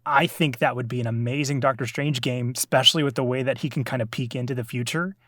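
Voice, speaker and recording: A man co-hosting a podcast in casual chat, excitable and quick to laugh. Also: mid-range voice, dry recording, clean studio sound. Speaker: podcast co-host.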